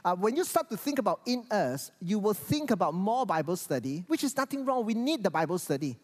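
A pastor delivers a sermon, and his pitch rises and falls in lively, animated swings. He often repeats words as he goes. A long reverb from the church hall trails behind his voice. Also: brisk.

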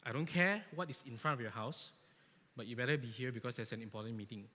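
A man putting on a stern, cold boss. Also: fast. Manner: low, flat, bossy. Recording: echoey church hall.

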